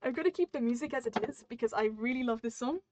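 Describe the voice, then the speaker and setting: A woman streaming live, chatting casually and reading chat aloud, with a quick, laughing manner. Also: fairly high pitch, darkish tone, a little hiss or hum.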